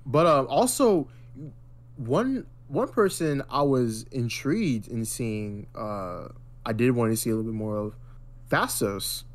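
An American man co-hosts a podcast, chatting casually, full of slang and filler, and saying "bro" and "freaking" a lot. His medium-pitched voice has lively intonation and an unhurried pace.

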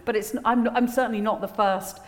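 A woman's voice: a little high, steady tone, brisk, a little mellow. A woman, a guest author talking candidly on stage at a live festival event, rambling and self-deprecating with many fillers. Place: large venue with a live audience. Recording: long hall reverb at a live event.

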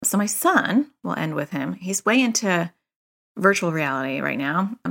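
A woman's voice: fairly low pitch, animated, moderate pace, vocal fry, fairly bright tone. A middle-aged woman hosting a parenting podcast, talking in a casual, chatty way full of "like" and "you know".

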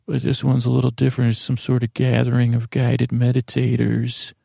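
A man in his forties with a deeply gravelly, mellow voice drifts through a rambling bedtime monologue, stammering and restarting often. His delivery stays flat and drowsy, with a deadpan calm. The sound is dry and close. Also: a little fast, dry recording. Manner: meandering, stammering, with many restarts. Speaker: podcast host.

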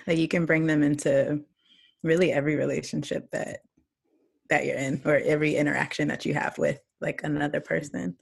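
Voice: medium pitch, little pitch movement, a little fast, vocal fry, breathy edge. A podcast host asking friendly, hesitant interview questions full of fillers.

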